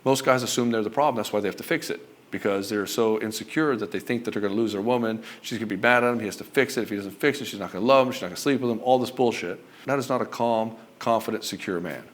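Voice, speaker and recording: A man's voice: fairly low pitch, fast talker, hardly any pauses. A middle-aged man coaching husbands on their marriages, talking bluntly with swearing and acting out both sides of conversations. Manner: blunt and profane, acts out both sides of dialogues. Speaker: relationship coach. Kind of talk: direct-to-camera coaching monologue.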